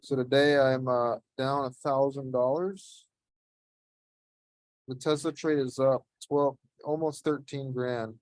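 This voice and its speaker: A man's voice: mid-range voice, flat delivery, slow pace, darkish tone, no echo. A man hosting a live trading session on a voice call, talking in a blunt, profane, laid-back coaching way. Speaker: host streaming live trades. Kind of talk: casual chat on a voice call.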